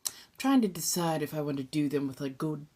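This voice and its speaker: Streaming live from her phone, a young Southern Californian woman hosts an ASMR and tarot session. Her low-sitting voice is animated and a little fast; she chats casually, occasionally swears, and slips into soft whispered asides.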